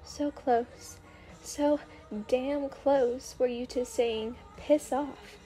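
A woman's voice: sits high, fairly even intonation, very slow, mellow, soft background music. A woman voicing a sulky, grudging schoolboy. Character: sullen proud teenage schoolboy. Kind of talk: soft ASMR storytelling.

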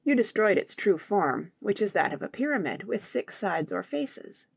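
A woman voicing a calm, wise father explaining things to his sons in an audiobook. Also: mid-range voice, normal speed, creaky, slightly rough, no room sound, heavily acted.

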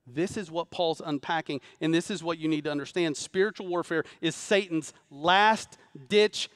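A pastor delivers a sermon to a live congregation in a church sanctuary, his voice high for a man, clear and resonant. At a moderate pace, he moves from rising, urgent calls for amens to low, hushed emphasis. The recording is close and dry, with little sense of the room.

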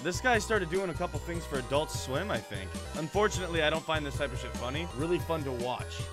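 Excitable swearing young man reacting. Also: a little high, fast, music in the background. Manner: excitable, swears constantly, exclaims loudly. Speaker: reaction video host. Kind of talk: casual reaction commentary.

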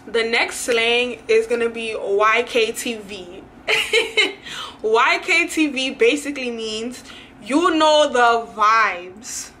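A woman's voice: fairly high pitch, sharp tone, slight background noise. A young woman from New York City with a New York accent, chatting casually and playfully to her camera about slang, laughing often. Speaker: YouTuber. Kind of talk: casual vlog explaining slang. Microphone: camera, self-filmed.

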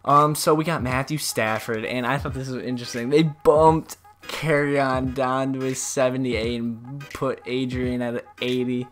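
A man commentating a simulated football video game in a casual, profane, mocking way, getting loud and worked up at big plays. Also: mid-range voice, fairly even intonation, measured pace, soft background music. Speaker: gaming YouTuber.

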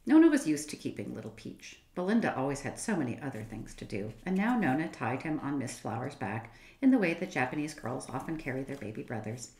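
A low-voiced woman reads a children's book aloud. Her delivery is expressive and gently paced, rising and falling a lot. The room lends a noticeable echo. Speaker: storyteller. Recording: roomy echo.

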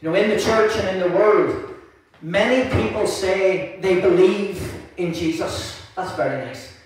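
A man preaching a sermon, praying quietly at first and then telling stories with lively humour. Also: high-pitched, unhurried, a little hiss or hum. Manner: prays softly, then preaches with lively storytelling and laughter. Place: church hall. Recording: echoey room from far off.

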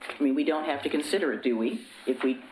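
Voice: medium pitch, quick pace, a little mellow, a little hiss or hum. A city commissioner asking probing questions at a public meeting. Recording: echoey council chamber.

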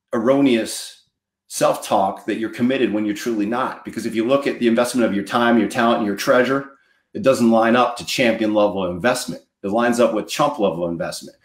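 A man's voice: medium pitch, roomy sound. A man giving a motivational talk as a coach, emphatic and preachy, repeating lines for effect. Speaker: mortgage marketing coach.

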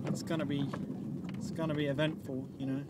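A man's voice: on the high side, little pitch movement, fairly quick, very noisy. A man in a casual film-chat vlog, rambling, swearing and losing his train of thought while talking from a car. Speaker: vlogger.

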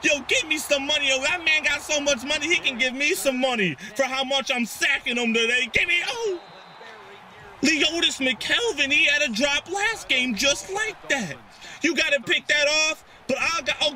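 A young man giving excitable, trash-talking commentary over his own football video game, sometimes drifting into a sing-song delivery. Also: very high voice. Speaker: gaming YouTuber. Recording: music playing behind.

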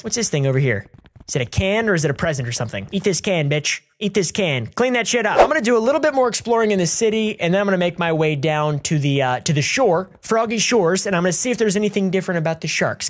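A man giving crude, goofy commentary while playing a video game, breaking into yells and made-up song lines. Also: a little high, animated, quick pace. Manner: goofy, crude, yelling in bursts. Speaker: gaming YouTuber. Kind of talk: let's play commentary.

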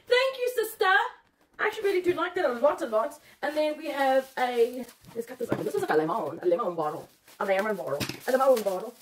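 Woman, high lively voice jumping all over, gets emotional and laughs a lot, echoey room. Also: a little hiss or hum. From South Africa. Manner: excitable, emotional, exclaiming and laughing. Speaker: vlogger unboxing gifts. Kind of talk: casual chat to camera.

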